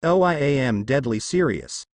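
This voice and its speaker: A man's voice: mid-range voice, animated, measured pace, no echo, clean studio sound. A man voicing a stern, commanding elderly male village leader in a fan fiction reading. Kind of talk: fan fiction read-aloud.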